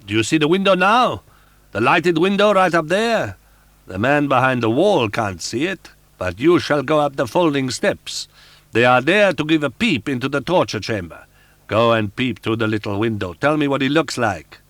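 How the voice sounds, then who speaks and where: A man's voice: mid-range voice, lively intonation, moderate pace, a bit bright, no room sound, voice pushed up, close to an everyday voice. A man voicing a volatile, jealous masked monster man in an audiobook, switching from mock tenderness to angry roaring. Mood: raging. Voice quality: sudden angry roar.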